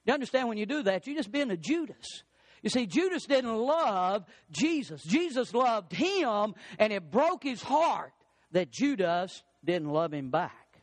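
A man preaching a sermon as pastor, emphatic, climbing on questions and sinking low on key phrases. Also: sing-song, measured pace, no room sound. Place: church.

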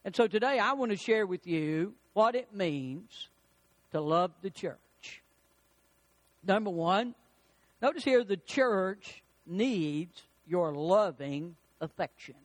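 A male pastor preaching a sermon in an emphatic, measured way, using rhetorical questions. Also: high-pitched, animated.

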